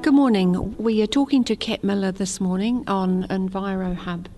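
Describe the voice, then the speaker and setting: A woman interviewing a guest with short questions, in a soft, breathy delivery. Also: mid-range voice, fairly even intonation, normal speed, faint music behind.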